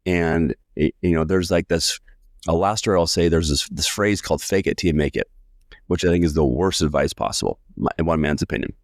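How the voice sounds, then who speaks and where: A man in his forties from the United States, a sales coach telling a lively personal story in a podcast interview and acting out the voices of people he quotes. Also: sits low, brisk, dry recording, studio quality. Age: 40s.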